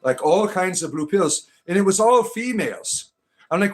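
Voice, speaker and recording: A man's voice: high voice, animated, normal speed. A man hosting a casual live stream, rambling and joking as he greets viewers by name.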